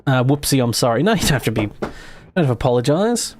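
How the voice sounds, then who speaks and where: An Australian game streamer with a mild accent chats casually while building in a game on a livestream, rambling, laughing easily and trailing off mid-sentence. He talks fast and very animatedly in a mid-range voice.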